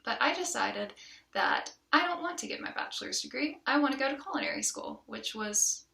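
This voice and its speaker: A woman's voice: high voice, expressive, a little fast, gravelly, bright, forceful tone, roomy sound, far from the mic. A woman from the Southern United States with a light Southern accent, giving a chatty, casual self-introduction as a college student, with frequent ums and restarts.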